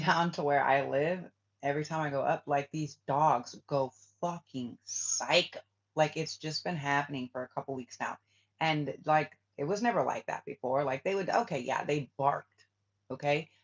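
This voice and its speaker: A man's voice: on the high side, normal speed. A man, a spiritual reader, talking casually in a rambling way, filling his speech with "like" and swearing. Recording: dull lo-fi sound.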